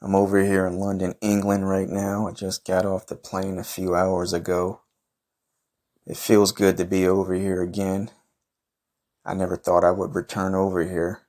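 A man's voice: low-pitched, monotone, normal speed, a little mellow. A man doing a comedic trash-talk monologue as a boastful, profane wrestler persona. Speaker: podcast host in a comic wrestler persona.

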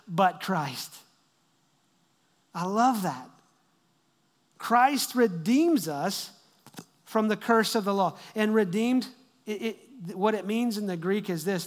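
A man preaching a sermon as pastor, emphatic, repeating phrases to build up and swinging between loud and hushed delivery. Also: high voice. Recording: long reverb of a large hall.

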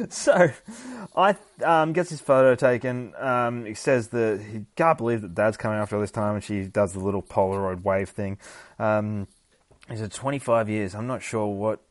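A low-voiced man hosts a podcast and recaps a horror comic as a loose, casual story. He laughs often and swears freely. The sound is dry, with no room in it. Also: no room sound. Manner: laughing, profane, animated storytelling. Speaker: podcast host.

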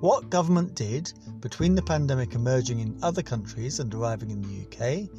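A man's voice: medium pitch, expressive, brisk, lo-fi sound, over music. A man hosting a casual solo podcast, rambling and swearing and laughing at his own jokes. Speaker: podcast host.

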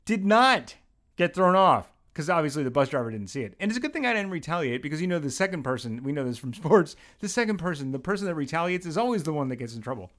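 A young adult man from Pennsylvania hosting a podcast, telling a story in a rambling, animated, self-mocking way and swearing freely. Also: a little high, fast talker. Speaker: podcast host. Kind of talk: casual storytelling monologue.

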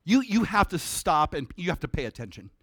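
Man, pastor, sermon, conversational, animated, sudden hushed drops, slightly high voice. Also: fairly quick, dry recording, clean studio sound.

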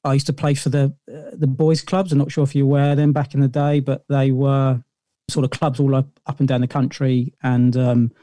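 A man's voice: medium pitch, level tone, brisk, warm tone, dry recording, studio quality. A middle-aged man, a podcast guest telling long stories in a rambling way, full of fillers and restarts. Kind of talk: casual interview storytelling.

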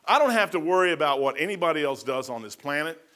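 Older male pastor, high voice, bright tone, casual sermon. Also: animated, fast talker. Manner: casual preaching with asides and self-mocking humor. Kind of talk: folksy sermon.

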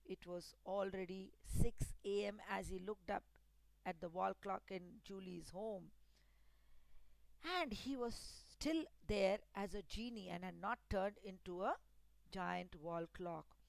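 A woman narrating a spooky first-person story in a deliberate, dramatic storytelling manner. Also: mid-range voice, gravelly, no echo, rough recording.

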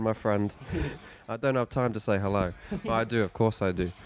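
A man's voice: fairly low pitch, normal speed, slight background noise. A young man hosting a comedy podcast, doing a running, easily amused play-by-play of a football match. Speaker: podcast host, football commentator. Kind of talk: comic mock football commentary.

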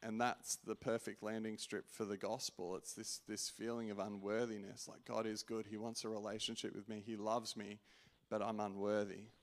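Casting: fairly low-voiced man giving an earnest sermon testimony, stumbling over restarts, swinging from loud to near-whisper. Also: level tone, moderate pace. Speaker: preacher sharing testimony.

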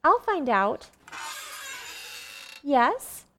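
A woman's voice: sits high, very animated, extremely slow, fairly bright tone, a little hiss or hum, exaggerated voice. An actress playing a cheerful, kindly young wife and mother in a 1940s radio drama, sweet and friendly.

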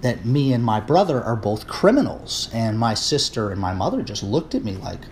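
A man from the United States delivering a political rant on his vlog, rambling with many fillers and restarts and rising into indignant shouting. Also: on the low side, very animated, normal speed, slight background noise. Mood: measured. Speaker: political commentator.

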